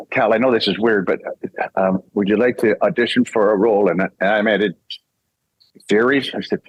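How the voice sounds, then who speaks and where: A man's voice: on the low side, no room sound, poor audio. An older man from Canada, a voice actor and singer, telling a casual story and acting out the voices he quotes, laughing often.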